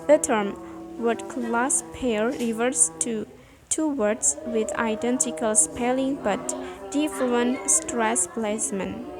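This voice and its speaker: A young woman with an Indonesian accent, a student giving a class presentation in a chatty, relaxed way, often explaining things again in her own words. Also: on the high side, slow pace, poor audio. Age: young adult. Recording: music playing behind.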